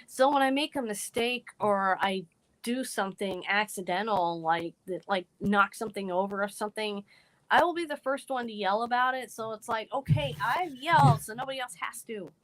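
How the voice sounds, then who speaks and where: A woman's voice: medium pitch, moderate pace, a bit bright, rough recording. Rambling earnest woman guest. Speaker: podcast guest. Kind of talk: casual live podcast chat.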